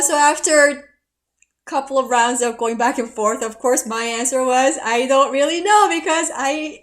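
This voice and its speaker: A middle-aged woman giving a history lecture and telling personal stories, laughing at herself now and then. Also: a little high. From South Korea. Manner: warm, storytelling, laughs at herself.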